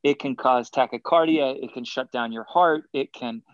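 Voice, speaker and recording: A man as a guest in a casual interview, telling animated stories and acting out quotes between chuckles. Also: medium pitch, normal speed, no room sound, muffled recording. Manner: animated anecdotes, acts out quotes, chuckles often. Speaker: guest athlete.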